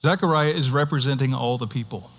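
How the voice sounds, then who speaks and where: A male pastor giving a sermon in a conversational, animated way, with restarts and rhetorical questions to the congregation. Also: mid-range voice, fast talker. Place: church.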